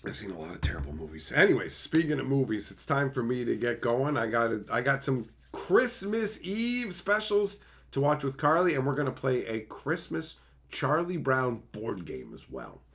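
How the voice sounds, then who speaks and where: A man hosting a casual livestream, chatting with viewers in a profane, animated way and slipping into quick silly impressions. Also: medium pitch. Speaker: livestream host. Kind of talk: casual livestream chat, reading viewer messages.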